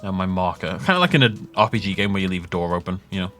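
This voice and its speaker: A man's voice: deep voice, lively intonation, very fast, a bit bright, faint music behind. A man giving rambling, jokey commentary while he plays a game, often laughing at his own tangents. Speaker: gaming YouTuber. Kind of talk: casual let's-play commentary.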